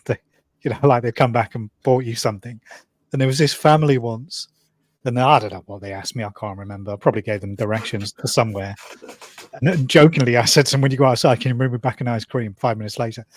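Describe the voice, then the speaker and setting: A man from the UK chatting casually, telling brisk anecdotes and laughing through his stories. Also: medium pitch, no room sound, studio quality. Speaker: co-host. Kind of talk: casual chat.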